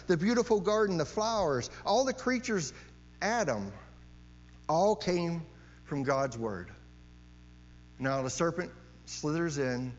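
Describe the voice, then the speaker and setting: A man preaching a sermon in a fairly high voice, pressing his points by repeating key phrases and tossing out rhetorical questions. His voice carries a long hall reverb, with a dull, muffled sound and a faint electrical hum underneath.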